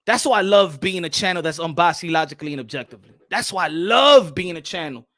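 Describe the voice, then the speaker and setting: A man hosting a boxing channel, giving animated livestream commentary, switching between English and Spanish and repeating phrases for emphasis. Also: on the high side, fast talker, no echo, clean studio sound.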